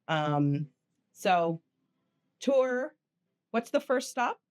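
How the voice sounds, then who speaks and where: An enthusiastic host keeps a casual interview moving, agreeing eagerly with the guest. The voice swings widely in pitch as it talks. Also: sing-song, very slow, clear, resonant tone.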